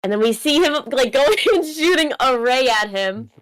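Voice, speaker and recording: A woman guest on a casual manga reaction stream, lively, reading lines aloud and laughing often. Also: sits high, normal speed.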